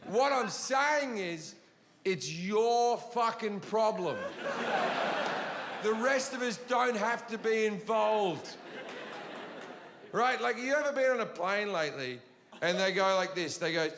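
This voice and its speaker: A man's voice: sits high, lively intonation, measured pace, vocal fry, pauses often. A man doing a profane stand-up routine, telling blunt, ranting stories to a live audience. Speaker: stand-up comedian. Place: large venue before a laughing audience. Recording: live show in a reverberant hall with audience noise.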